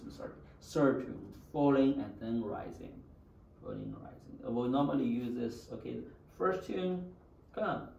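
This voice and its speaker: Creaky and darkish in tone, a medium-pitched male voice comes through dull audio as he runs a beginner language class. He talks casually, says "okay" often, and gets students to repeat after him; the mic is distant, the room echoey, with faint hiss.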